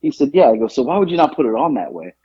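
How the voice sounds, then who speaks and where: Husky animated man telling a story. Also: medium pitch, rapid-fire, lo-fi sound. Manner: animated, acts out quoted exchanges. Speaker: podcast co-host. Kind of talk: casual storytelling chat.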